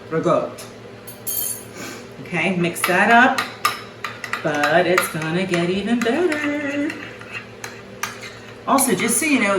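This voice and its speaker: A woman's voice: on the low side, reverberant, far from the mic, background noise. A middle-aged woman chatting casually as she demonstrates a recipe at home, folksy and talkative. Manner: chatty, folksy, says okay often. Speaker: home cooking vlogger. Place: home kitchen.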